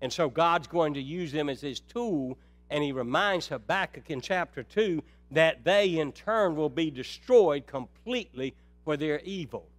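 A man preaching a sermon, calling his listeners brethren, shifting from quiet, low stretches to loud, high, urgent passages. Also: expressive, unhurried, no echo. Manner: swings from soft and low to loud and high when stirred.

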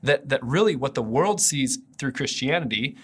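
A man's voice: mid-range voice, expressive, moderate pace, husky. A man preaching an earnest, conversational video sermon as a pastor.

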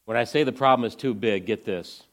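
Man, ministry speaker, earnest storytelling talk, drops quiet then lifts with excitement, lower pitch. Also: brisk. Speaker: ministry speaker presenting to a church audience.

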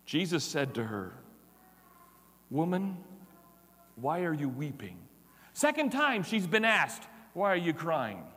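Animated pastor with a high, lively voice. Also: male voice, big-room sound. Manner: animated, acts out voices, dramatic pauses. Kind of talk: expository Easter sermon.

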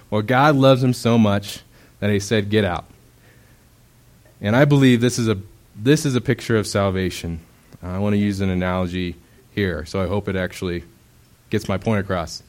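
Low-voiced young man preaching casually. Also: normal speed. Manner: casual, conversational preaching with many fillers; acts out quoted voices with bursts of loudness. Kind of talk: sermon.

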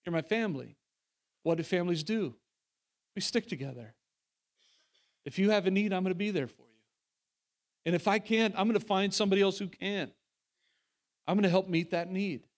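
A high-pitched male pastor delivering a sermon. He speaks with earnest conviction and stumbles and restarts often. He drops suddenly into quiet, intimate lines, then lifts again to press a point. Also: normal speed, long pauses.

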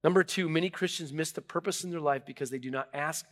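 A middle-aged pastor preaching, his voice sitting a little high for a man. He drops to a near hush, then climbs loud and urgent, stumbling over repeated words as he goes. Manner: swings between hushed confession and loud, rising emphasis; halting, repeats words when moved. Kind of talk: sermon.

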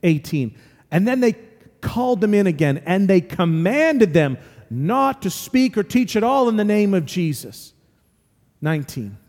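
At a measured pace, a male pastor with a high, slightly mellow voice preaches in a very animated way. He tells stories earnestly, driving home his points by repeating them, and the long reverb of a large hall carries his sermon.

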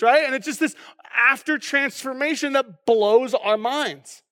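A man delivers a sermon. He is animated, acts out excited reactions and keeps checking in with "right?" and "okay?". His voice carries with a long hall reverb around it. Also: very high voice, a little slow. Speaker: pastor. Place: church hall.

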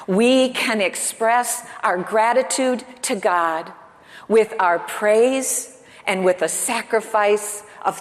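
A woman's voice: medium pitch, in a large hall. A woman pastor preaching a sermon with earnest emphasis, asking the congregation rhetorical questions. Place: church.

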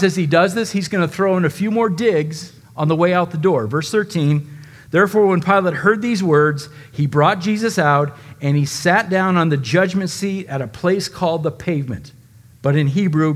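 A man delivering a sermon with a slightly high-pitched voice. He speaks dramatically, acting out quoted speech and rising and dropping his volume for effect. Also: normal speed. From United States. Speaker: pastor.

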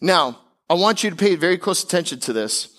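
A male pastor preaching a sermon, emphatic, with casual, conversational asides between declarations he slows down and lifts. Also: expressive, a bit bright. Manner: slows and climbs in pitch on key declarations.

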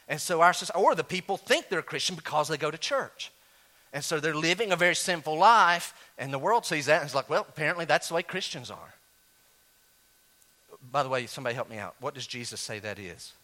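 A man preaching a sermon as pastor, animated, swinging from loud high exclamations down to low quiet asides.

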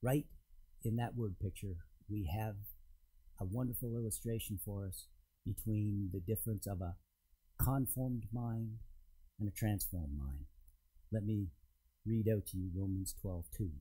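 A man preaching a sermon to a congregation, retelling a scripture story in a conversational, storytelling way with emphatic pauses. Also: fairly low pitch, dark tone, breathy edge, poor audio. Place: church in front of a congregation.

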